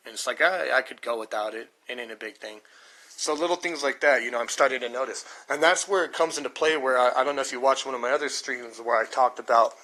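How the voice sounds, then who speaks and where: A man's voice: mid-range voice, fast talker, bright, forceful tone, rough recording. A man in his thirties from the United States talks to his stream in a casual, rambling monologue, swearing often and stressing his points. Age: 30s. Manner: profane, emphatic, thinking aloud. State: dry throat.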